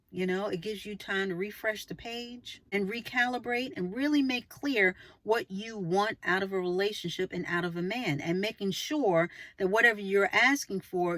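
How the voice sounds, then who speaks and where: A woman's voice: fairly bright tone, no room sound. A woman giving relationship advice in a casual monologue to camera, emphatic and preachy, full of rhetorical questions. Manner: acts out short quoted lines with exaggerated pitch jumps.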